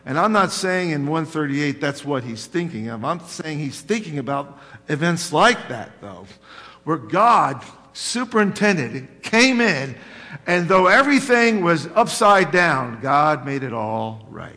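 Middle-aged male pastor, sermon style, bright and a touch high-pitched, recorded in a hall with long reverb. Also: lively intonation, measured pace. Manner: conversational, rising to emphatic with frequent rhetorical questions.

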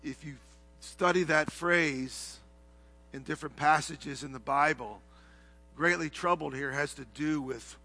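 A middle-aged man preaching a sermon, swinging from hushed, low passages to shouted, heated ones. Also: measured pace. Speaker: pastor.

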